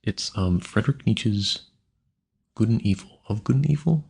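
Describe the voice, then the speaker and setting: Gravelly, husky man rambling casually. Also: on the low side, animated, a little slow, darkish tone. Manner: musing aloud, stumbling over hard words. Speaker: audio creator. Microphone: home mic.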